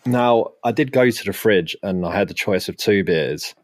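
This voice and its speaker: A man's voice: fairly low pitch, moderate pace, no room sound, clean studio sound. A man hosting a podcast in casual chat, teasing his co-host and laughing often.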